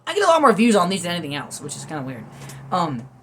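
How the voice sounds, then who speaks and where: High-pitched and quick, this man's voice swings wildly up and down with a fairly bright tone and a faint hiss or hum. He reviews food at home off the cuff, rambling between topics with candid, self-deprecating, goofy asides in unscripted casual commentary.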